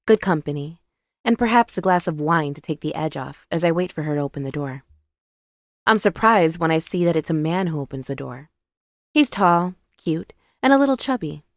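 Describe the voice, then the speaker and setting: A woman's voice: low voice, dry recording, clean studio sound. A woman narrating a first-person romance story in an intimate, confiding way.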